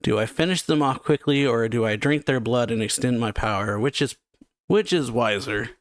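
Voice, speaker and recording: A man reading a cold, powerful female vampire queen's lines aloud from a comic, in an even, plain voice. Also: mid-range voice, moderate pace, no echo, clean studio sound, natural voice.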